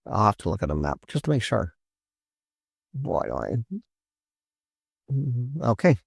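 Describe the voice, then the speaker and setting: A man's voice: on the low side, very animated, a little slow, gravelly, slightly rough, no echo, clean studio sound. A man giving casual reaction commentary as a genealogy host, thinking aloud with many restarts. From Canada.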